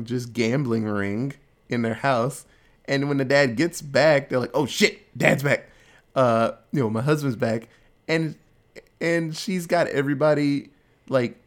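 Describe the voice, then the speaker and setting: Laid-back man recapping a movie. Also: mid-range voice. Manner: laid-back, jokey, acts out characters in quick asides. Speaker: podcast host recapping a film. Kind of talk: casual chat.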